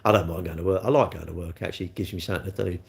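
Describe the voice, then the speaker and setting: A man's voice: low-pitched, steady tone, racing, creaky. A middle-aged man rambling cheekily on a live stream, answering chat comments as he goes. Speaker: livestream host.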